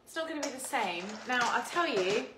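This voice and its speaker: A chatty woman in her thirties, her voice sitting a little high, hosts a casual live cooking stream. She laughs easily and greets viewers by name. Her home kitchen sounds echoey, with a faint hiss behind her. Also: lively intonation, brisk. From England. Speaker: cooking show host.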